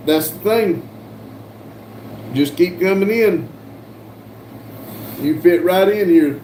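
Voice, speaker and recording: A man's voice: high voice, takes it slowly, mellow. Man reading chat in an echoey room. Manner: reads viewer comments aloud with many uhs. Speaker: live stream host reading chat. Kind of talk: casual chat. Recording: echoey room, distant mic, faint noise.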